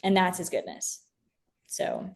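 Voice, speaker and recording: A woman's voice: fairly low pitch, sing-song, slow pace. A young woman as an interview guest, talking earnestly and from the heart about her faith, with many fillers and restarts. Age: young adult.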